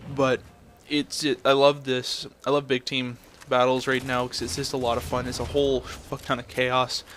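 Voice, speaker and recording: A man's voice: medium pitch, little pitch movement, moderate pace, a bit bright, a little hiss or hum. A young man ranting in a blunt, profane way, telling a story and then commenting on his game footage. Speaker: gameplay commentator.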